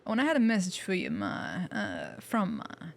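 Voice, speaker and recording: A woman's voice: lowish voice, wildly swooping pitch, moderate pace, creaky, full character voice. A woman voicing a young man with a put-on American Southern drawl, reading game dialogue with folksy hillbilly talk.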